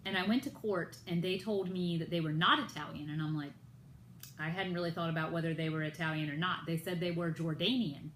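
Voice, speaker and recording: A woman's voice: fairly low pitch, fairly even intonation, brisk, a bit bright, echoey room, slight background noise, poor audio. An American woman telling a personal story in a vlog, retelling it with indignation and acting out others' lines in raised voices. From United States. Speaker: vlogger.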